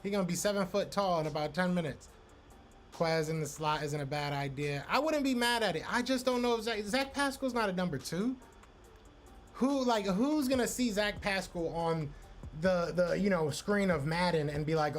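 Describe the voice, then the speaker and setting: Philly-male host, fairly high voice, loose rambling live-stream chatter, faint music behind. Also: animated, normal speed. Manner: loose, repetitive, talks to chat by name. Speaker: podcast host reading live chat. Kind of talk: casual live-stream chat.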